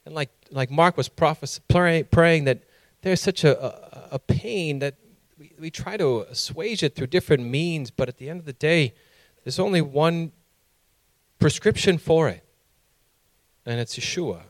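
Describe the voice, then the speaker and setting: A male preacher with a fairly high voice delivers a sermon, moving between scripture reading and a lively personal story. He acts out his own past lines loudly, and the sound is close and dry. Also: a little slow, dry recording.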